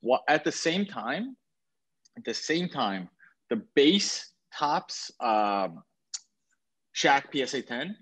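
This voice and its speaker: This co-host's mid-range voice is slightly rough, moving at a slow pace with frequent pauses. Still, he sounds lively and enthusiastic discussing sports cards on a podcast recorded on a trip away from home, correcting himself along the way.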